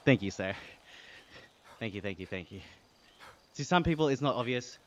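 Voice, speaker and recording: This medium-pitched Australian man has a sing-song delivery at a moderate pace, and the recording's highs are cut off. He's cycling on an indoor trainer while streaming live, breathy as he reads chat and thanks viewers.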